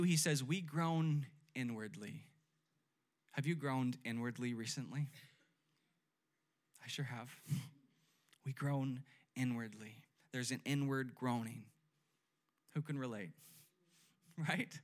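Young adult male pastor, slightly high voice, chatty sermon, keeps asking "right?", leads call-and-response. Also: a bit bright. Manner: conversational, often asks "right?".

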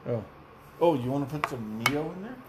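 A young adult man hosting a podcast, joking loudly and swearing in casual chat. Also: medium pitch, lively intonation, normal speed, a loud crowd. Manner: loud, joking and profane. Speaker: podcast host.

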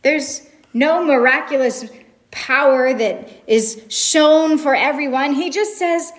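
A woman's voice: sits high, slow pace. A woman preaching a sermon, retelling a story in a reflective way and asking rhetorical questions.

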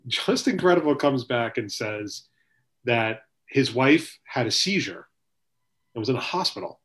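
A man's voice: medium pitch, expressive, a little slow, fairly bright tone. A man hosting a casual sports podcast, rambling and swearing, with a lot of "you know" filler. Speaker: podcast host.

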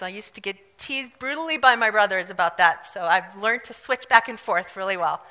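A woman from South Africa preaching a fervent, emphatic sermon with loud bursts of declaration. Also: medium pitch, lively intonation, a little slow, big-room sound. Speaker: pastor.

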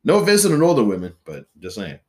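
A man's voice: on the low side, wildly swooping pitch, quick pace, darkish tone, slight background noise. A man, a podcast host chatting casually, teasing and laughing often. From Southern US, Louisiana. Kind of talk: casual chat.

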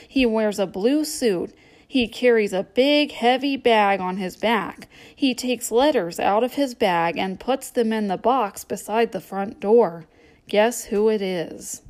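A woman's voice: a little high, darkish tone. A woman reading a children's storybook aloud as a playful guessing game.

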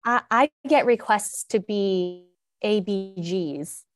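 A woman in her thirties chatting casually as a podcast co-host, animated and giggly, often trailing off mid-sentence. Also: mid-range voice, slow, no room sound. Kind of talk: casual chat.

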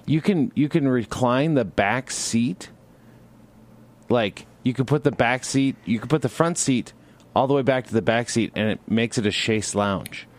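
A young man co-hosting a podcast, giving deadpan, absurd replies in casual chat. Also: medium pitch, measured pace. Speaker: podcast co-host.

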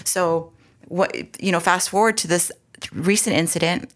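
A woman's voice: on the low side, fairly even intonation, normal speed. A woman, earnestly telling her own story as an interview guest, with frequent restarts and asides. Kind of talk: personal storytelling in conversation.

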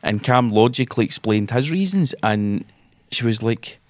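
A man's voice: medium pitch, animated, normal speed, no room sound. A young Scottish man co-hosting a casual podcast, sardonic and sweary, drawling some phrases. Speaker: podcast co-host. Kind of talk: casual chat.

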